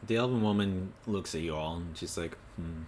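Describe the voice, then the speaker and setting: Deep-voiced man narrating a tabletop game. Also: brisk, a little hiss or hum. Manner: relaxed storytelling with fillers. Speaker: game master.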